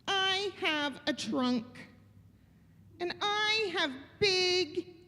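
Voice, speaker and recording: A woman voicing a gentle, sad elephant in a read-aloud storybook, speaking softly and hesitantly. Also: very high voice, lively intonation, drawn-out words, heavily acted. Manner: soft, hesitant. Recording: long church reverb, faint noise.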